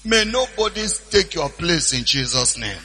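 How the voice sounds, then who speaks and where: A man preaching a sermon, retelling a story with animated repetition. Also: fairly high pitch, moderate pace, slightly rough, in a large hall, low-quality recording. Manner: animated storytelling, repeating lines for emphasis.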